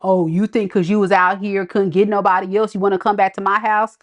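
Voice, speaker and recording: A woman's voice: mid-range voice, little pitch movement, brisk, lightly acted. Woman voicing a scorned lover, sassy, scolding, indignant, fed-up. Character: fed-up woman telling off a returning ex.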